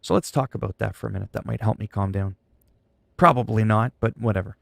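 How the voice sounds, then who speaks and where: Male streamer, low gravelly voice, dry close mic, frustrated ranting chat. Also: fast, no room sound. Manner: frustrated, venting, sarcastic. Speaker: livestreamer.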